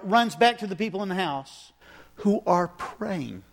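A man preaching a sermon, telling a story with animated delivery and acting out the scenes. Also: high voice, measured pace. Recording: echoey hall reverb.

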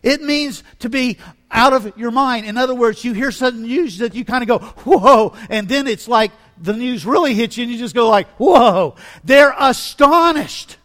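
A man preaching a sermon with dramatic delivery, swinging between hushed reflection and loud, emphatic passages. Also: very high voice, a little fast, hardly any pauses.

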